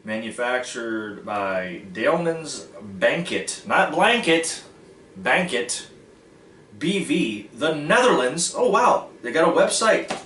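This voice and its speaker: A man's voice: mid-range voice, very animated, slow, few pauses, fairly bright tone, a little hiss or hum. A man hosting a casual food-tasting vlog, goofy and self-mocking as he jokes about snacks. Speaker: vlog host. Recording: echoey room from far off.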